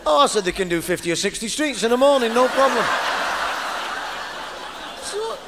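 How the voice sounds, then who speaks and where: A man's voice: very high voice, expressive, fast. A middle-aged man with a Lancashire accent telling a rambling stand-up story on stage, peppered with "you know". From Lancashire, England. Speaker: stand-up comedian. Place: stage in front of a live audience. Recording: live stage recording with noise.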